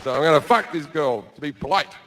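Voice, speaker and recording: A stand-up comedian tells stories before a live audience in a big theatre, brash and profane, sliding into acted-out character voices. His pitch sits fairly high, his pace is quick, and his tone is fairly bright. A slight hiss or hum runs underneath.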